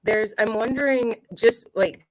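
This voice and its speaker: Woman host talking improv, dry close sound, chatty, squeaks way up for quotes. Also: fairly even intonation, unhurried, dry recording, low-quality recording. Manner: conversational, acts out quotes in a much higher voice. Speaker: podcast host. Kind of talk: casual chat.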